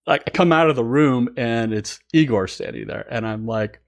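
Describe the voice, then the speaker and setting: A man who hosts a music channel, telling a story casually and excitedly, with many fillers and frequent laughter. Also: mid-range voice, normal speed.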